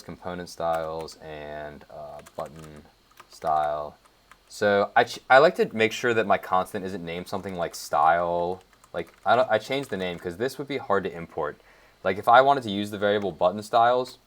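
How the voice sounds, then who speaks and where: Deep-voiced man rambling through code. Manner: rambling, thinks aloud with many fillers. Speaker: web developer. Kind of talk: casual screencast coding tutorial.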